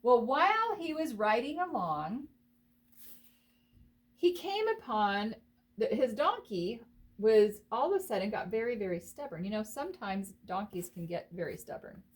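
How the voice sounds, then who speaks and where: Woman Bible teacher, higher voice, animated storytelling for children, speaks straight to the listeners. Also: measured pace. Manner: animated, expressive, talks directly to listeners.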